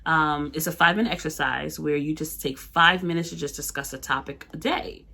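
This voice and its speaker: Chatty low-voiced woman co-host. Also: steady tone, brisk, vocal fry, pushed and bright. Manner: chatty, laughs often, many fillers. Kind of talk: casual chat.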